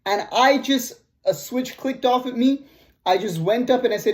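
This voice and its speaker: A man's voice: very high voice, moderate pace. A man with a Canadian accent telling a personal story in a casual vlog, blunt and profane. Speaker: vlogger.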